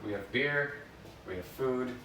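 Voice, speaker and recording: A man's voice: medium pitch, measured pace. Dry-joking man in a kitchen. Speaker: sous chef, co-host. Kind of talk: casual kitchen banter. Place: home kitchen. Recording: echoey kitchen, distant mic, hiss.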